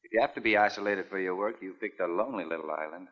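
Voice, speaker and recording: A plain-spoken sea captain in a 1950s film. He talks fast and bluntly in an easygoing way. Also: sits low, fairly bright tone, rough recording. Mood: casual. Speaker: boat captain.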